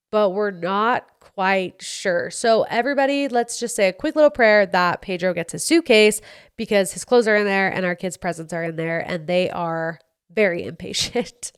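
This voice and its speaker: A woman's voice: mid-range voice, normal speed, clear, resonant tone. Chatty woman telling a story. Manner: chatty, animated, heavy use of "like". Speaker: podcast host. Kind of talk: casual storytelling chat.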